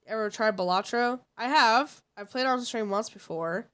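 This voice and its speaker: A woman's voice: a little high, normal speed, a bit bright, smooth. A woman streamer with a stuffed-up, congested voice, chatting casually and teasing her viewers. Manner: playful, teasing the chat. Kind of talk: casual live-stream chat.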